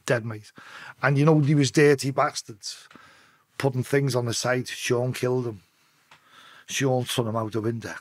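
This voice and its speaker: A man's voice: mid-range voice, fairly even intonation, moderate pace, long pauses, no echo. A man with a Liverpool accent, telling blunt, profanity-laced stories as a podcast guest and often restarting his sentences. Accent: Liverpool (Scouse). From Liverpool, England. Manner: blunt, heavy swearing, restarts mid-sentence. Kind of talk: casual storytelling.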